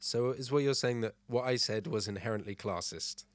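A man's voice: medium pitch, fairly quick, no room sound. A man with a posh English accent co-hosting a podcast in casual chat, hesitant and self-deprecating, full of fillers. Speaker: podcast co-host.

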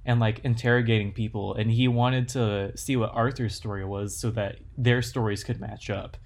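A man's voice: fairly low pitch, fairly even intonation, normal speed, creaky, darkish tone. Young man chiming in with laughs. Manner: laughs often, chimes in briefly. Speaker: podcast co-host. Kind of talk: casual podcast chat.

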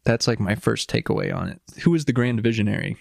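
A man co-hosting a casual podcast, reading quotes aloud and chatting with dry, deadpan humor. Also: on the low side, fast, creaky, no echo. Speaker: podcast co-host.

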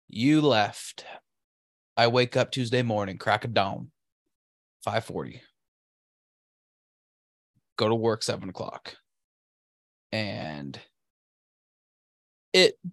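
A man's voice: medium pitch, sing-song, slow, pauses often, no echo, studio quality. A man co-hosting a podcast, ranting and cursing about his week in casual chat. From Pacific Northwest. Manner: profane, ranting, sarcastic. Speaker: podcast co-host.

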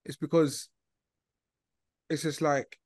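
A man's voice: a little high, little pitch movement, slow pace, no room sound, clean studio sound. A man from Britain on a podcast panel, arguing his point hesitantly with many restarts. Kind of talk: casual chat.

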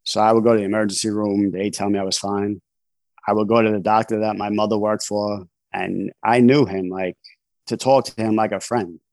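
A man's voice: on the low side, flat delivery, brisk, darkish tone, no echo. A man, a podcast guest, tells his story candidly in casual interview talk, with frequent fillers and restarts. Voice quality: conversational, frequent "you know" fillers and restarts. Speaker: podcast guest, author in long-term recovery.

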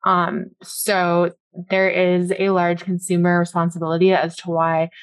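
A woman's voice: on the low side, completely flat delivery, measured pace, smooth. A woman co-hosting a podcast, talking casually with an exasperated, opinionated edge. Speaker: podcast co-host.

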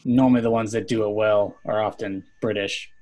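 A man's voice: lowish voice, fairly even intonation, fairly quick, darkish tone, low-quality recording. Wry man leading a casual chat.

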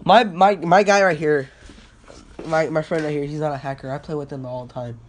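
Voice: medium pitch, a little fast. Young rambling podcast ranter on a phone. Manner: excitable, profane, storytelling with quotes. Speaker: podcast host. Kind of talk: rambling casual rant. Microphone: phone without a mic.

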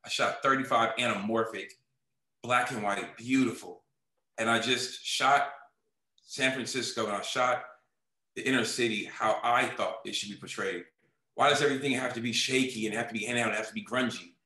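A man's voice: mid-range voice, steady tone, normal speed, sharp tone, echoey room, rough recording. A man in an interview, telling his story casually and animatedly, acting out quoted dialogue and often saying "man.". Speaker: music video director, guest.

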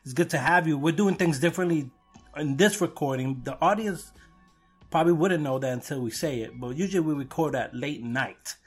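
A man's voice: on the high side, a little fast, breathy edge, soft background music. A man from Brooklyn hosting a podcast, rambling and self-deprecating in casual chat. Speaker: podcast host.

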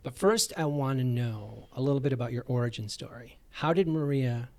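A male podcast host who coaches running interviews a guest in a relaxed way. His pitch is ordinary, and he rambles with a lot of fillers and jokes. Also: moderate pace, gravelly. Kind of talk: casual interview chat.

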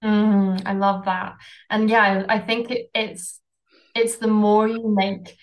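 A woman talking as a podcast guest in an open, unguarded way. She drops "like" into her sentences often and swears without fuss. Her voice sits at a middle pitch. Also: little pitch movement, slow, muffled recording. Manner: candid, swears casually, frequent "like" fillers. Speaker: podcast guest, coaching client. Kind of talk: candid conversational storytelling.

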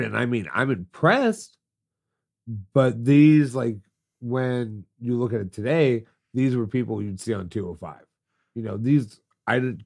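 A stuffed-up man co-hosting a podcast, chatting casually and teasing his co-host. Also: medium pitch. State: congested. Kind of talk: casual chat.

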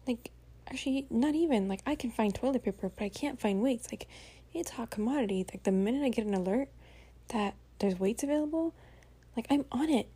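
A tired woman hosts a podcast that works as a casual spoken diary, venting chattily with lots of fillers and some swearing. Her voice is fairly high, brisk and mellow, slightly rough, with lively intonation. It's a home voice recording.

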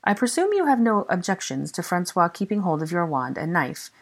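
Sly, prying French aristocrat with a lively, swooping delivery, put on by a woman audiobook reader. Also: on the low side, fairly quick. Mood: suave, inquisitive. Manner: polite and probing. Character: sly, courteous older French marquis, curious and prying.

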